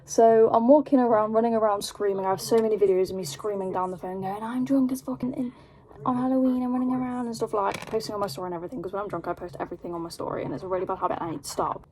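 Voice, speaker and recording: A young British woman telling a story in a casual vlog, rambling and animated, with lots of fillers. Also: medium pitch, very fast, few pauses. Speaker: vlogger.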